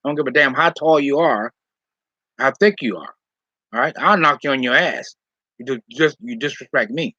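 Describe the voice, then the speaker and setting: A man's voice: mid-range voice, moderate pace, sharp tone, no room sound. A man telling a personal story, often tagging "all right?" and "okay?" and getting heated. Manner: rambling, repeats "all right?" and "okay?", heated when retelling. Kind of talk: casual storytelling monologue. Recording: dull lo-fi sound.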